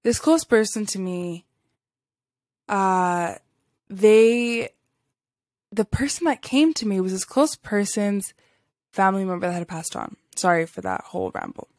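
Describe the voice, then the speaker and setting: A woman's voice: medium pitch, animated, slow pace, long pauses, no room sound, clean studio sound. A woman hosting a podcast, telling a spiritual story in a casual, rambling way, full of fillers and little laughs. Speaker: podcast host.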